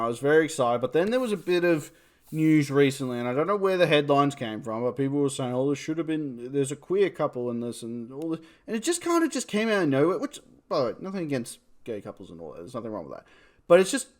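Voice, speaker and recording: A man's voice: on the high side, very animated, fast. A man with a New Zealand accent, casually reviewing a film, rambling and swearing as he talks. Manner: rambling, swears, laughs at himself. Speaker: movie reviewer.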